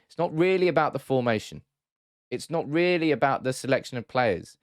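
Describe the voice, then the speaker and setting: A man's voice: mid-range voice, lively intonation, fairly quick, dry recording, clean studio sound. A man hosting a football analysis video, talking through tactics in a chatty way with frequent restarts and self-corrections. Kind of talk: casual tactical breakdown.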